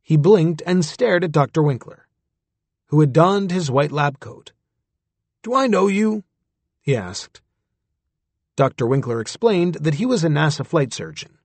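A man with a husky voice narrating a story in the first person, in a close, dry recording. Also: a little high, expressive, normal speed, darkish tone, no room sound. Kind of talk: scripted audiobook narration.

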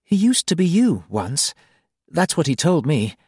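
A man voicing a gentle, anxious woman in an audiobook, speaking softly and quietly. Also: fairly high pitch, very animated, measured pace, breathy edge, no room sound, clean studio sound, voice pushed up, full character voice. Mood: tender. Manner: soft, quiet. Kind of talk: audiobook character voice.

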